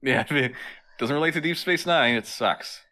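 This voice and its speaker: A man's voice: medium pitch, normal speed, bright, forceful tone. A man co-hosting a casual comedy podcast, quizzing his partner and laughing easily. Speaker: podcast co-host.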